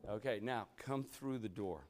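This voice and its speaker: With slight noise in the background, the church meeting leader speaks in a lowish, darkish voice, unhurried. He preaches emphatically through an interactive Bible study, firing rhetorical questions, repeating "you know what?", and breaking into exclamatory bursts.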